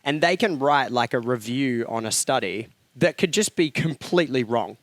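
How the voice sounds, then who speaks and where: A man's voice: medium pitch, animated, normal speed, dry recording. A man who is a fitness trainer and nutritionist, explaining things in a rambling, casual way on a podcast. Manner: rambling, explanatory, with many fillers.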